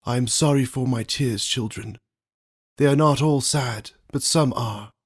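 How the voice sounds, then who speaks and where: A man voicing a tender, solemn father rabbit in a storybook, telling an old tale in an earnest, halting way. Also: mid-range voice, slightly rough, voice pushed up. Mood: solemn, grieving. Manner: earnest, halting, voice breaking with emotion.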